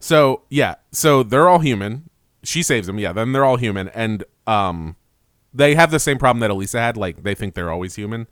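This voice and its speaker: Male podcast co-host, chatty and giggly, very expressive pitch, dry close mic. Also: normal speed, dry recording. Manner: rambling, laughing, quoting characters in goofy voices. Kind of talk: casual chat recapping a cartoon.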